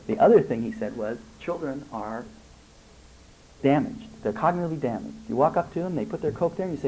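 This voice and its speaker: A man with a fairly high but mellow voice and a soft lilt, talking as a family therapist in front of parents. He speaks in an animated way and acts out little exchanges between parents and children to make his points. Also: a little fast, a little hiss or hum, rough recording. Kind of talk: workshop talk with audience questions.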